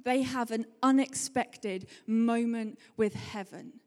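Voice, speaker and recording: A woman giving a chatty, animated sermon and telling stories in quick bursts. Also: a little high. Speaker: preacher. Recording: hall reverb.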